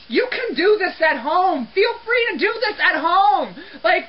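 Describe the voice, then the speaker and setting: High, animated young woman ranting. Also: measured pace, few pauses, a little hiss or hum. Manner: exasperated ranting, keeps apologizing. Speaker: restroom cleaner. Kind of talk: comedic rant to camera. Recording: dull lo-fi webcam audio.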